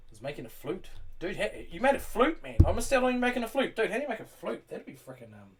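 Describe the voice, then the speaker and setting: With a high voice whose pitch swoops wildly, a man talks fast on a live stream, building while he chats casually with viewers, cursing freely and addressing them as bro and mate. He's indoors at home during rain, recorded on a distant mic with faint background noise.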